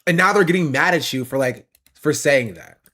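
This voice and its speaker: Male streamer, slightly high voice, opinionated political commentary, explains points. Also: animated, normal speed, sharp tone.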